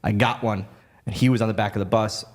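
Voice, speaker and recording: A man and former wrestler telling a story as a podcast guest, animated and full of restarts and laughs. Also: on the low side, quick pace. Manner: animated, lively retelling with many restarts and laughs. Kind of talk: casual storytelling.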